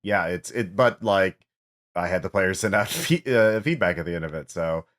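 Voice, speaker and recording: A man's voice: low-pitched, expressive, moderate pace, a bit bright. A man guesting on a podcast as a game designer, easygoing and a bit hesitant. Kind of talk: casual podcast chat.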